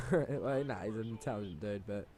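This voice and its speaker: A man's voice: fairly low pitch, moderate pace, warm tone. A young man, a gaming channel host telling a rambling school story over gameplay, swearing freely and exaggerating.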